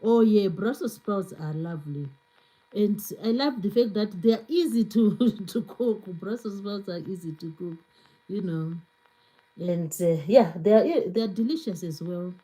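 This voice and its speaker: Slow, mellow-voiced woman chatting on a livestream. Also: medium pitch, rough recording. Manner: chatty, repeats words, laughs often, restarts. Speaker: cooking livestream host. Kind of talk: casual live-stream chat reading comments.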